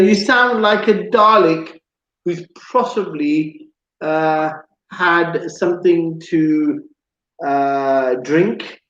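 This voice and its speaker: Male talk show host, higher voice, slow chatty delivery, roomy dull-sounding room. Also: a bit bright. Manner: chatty, jokey, repeats words. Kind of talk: live radio talk show.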